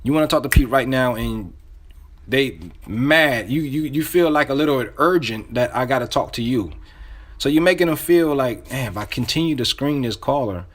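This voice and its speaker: A man giving casual sales coaching, talking loosely with restarts and repeating himself as he acts out sample phone calls. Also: mid-range voice. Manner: loose, conversational phrasing with restarts. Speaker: sales trainer. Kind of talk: casual instruction.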